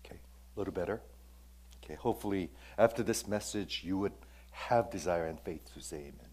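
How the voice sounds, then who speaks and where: Emphatic low-voiced male pastor preaching. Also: brisk, a little mellow. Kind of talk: sermon.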